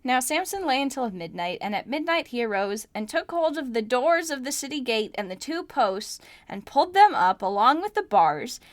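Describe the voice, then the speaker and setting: A woman's voice: sits high, sing-song, normal speed, few pauses, dry recording. A young woman hosting a podcast, reading scripture aloud and breaking off with wry, joking asides. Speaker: podcast host. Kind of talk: casual Bible study podcast, reading and commenting.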